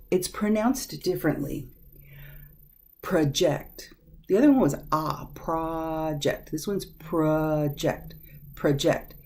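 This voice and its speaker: A woman teaching a vocabulary lesson, sounding out words slowly and carefully. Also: fairly low pitch, dark tone. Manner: slow, careful over-enunciation of words.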